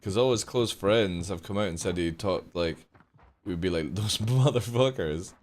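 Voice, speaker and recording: A man's voice: sits low, moderate pace, slight background noise. A young adult man streaming a game live, chatting casually with his viewers, joking and swearing freely. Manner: profane, joking, talks to chat. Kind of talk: casual live gameplay chat.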